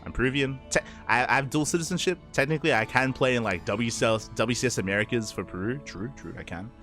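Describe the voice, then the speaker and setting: A man's voice: medium pitch, fast talker, faint music behind. Laid-back man with a mild Aussie accent. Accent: mild Australian, blended with Spanish-speaking upbringing. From Australia. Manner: relaxed and chatty, answers chat, says "true, true" and "papi". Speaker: esports caster. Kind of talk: casual live stream commentary.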